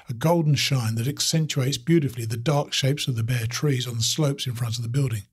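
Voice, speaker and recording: A man reads a story aloud steadily and descriptively, his middle-pitched voice having a husky, raspy grain.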